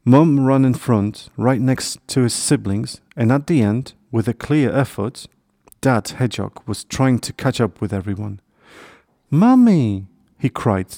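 A man reading a children's storybook aloud in a gentle, unhurried manner. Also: mid-range voice, vocal fry, dry recording, clean studio sound. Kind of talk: storybook narration.

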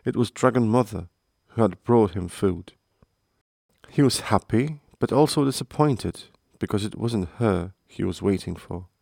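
A man narrating a storybook in a measured, earnest way. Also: fairly low pitch, lively intonation, gravelly, darkish tone, dry recording, clean studio sound.

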